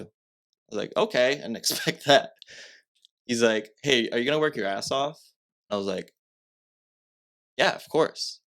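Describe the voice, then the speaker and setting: Young guy on a podcast, kinda low voice, rambles a lot with "like" and "you know". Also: a bit bright. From Massachusetts. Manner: rambling, heavy filler words, self-correcting. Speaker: podcast guest. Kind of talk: casual storytelling.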